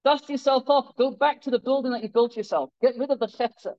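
On a muffled recording, a man with a very high-pitched voice talks fast through a Torah sermon. He is a rabbi telling stories with animation, performing the quoted characters and restarting many times.

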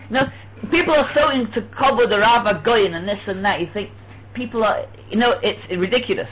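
A man teaching a religious lesson, telling stories lively and acting out quoted dialogue. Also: high voice, brisk. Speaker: Torah teacher. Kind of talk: religious lecture. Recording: tinny phone-like with faint hum.

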